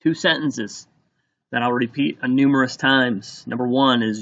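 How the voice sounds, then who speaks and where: A man teaching, dictating a spelling test and slowly sounding words out letter by letter. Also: medium pitch, fairly even intonation, creaky, a bit bright, dull audio.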